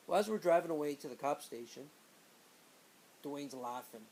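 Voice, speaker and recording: A man casually telling a personal story, animated, acting out the people in it. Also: on the high side, measured pace, long pauses, slight background noise, poor audio. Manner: animated, acts out quoted friends in raised voices.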